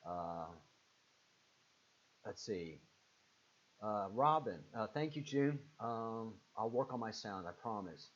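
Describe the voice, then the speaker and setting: A man with a Southern accent hosts a live stream and answers viewer comments in a loose, rambling way, with plenty of uhs along the way. His voice sits on the low side. The audio is dull and muffled, like a cheap computer mic at a desk. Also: animated, slow, pauses often. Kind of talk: casual live stream chat reading comments.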